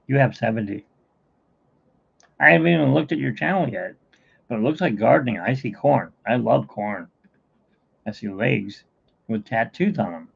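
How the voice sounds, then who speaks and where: Middle-aged man, live-stream host, rambling, husky voice, dull lo-fi recording. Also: mid-range voice, lively intonation, moderate pace, long pauses. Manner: rambling, self-mocking joke-telling. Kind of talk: casual live-stream chat.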